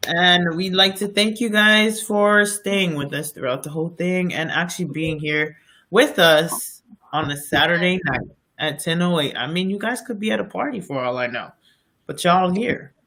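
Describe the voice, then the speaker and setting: A man's voice: high-pitched, moderate pace, pushed and bright. A man co-hosting a podcast, telling stories in a rambling, casual way with many fillers and restarts. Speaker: podcast co-host. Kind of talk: casual storytelling chat.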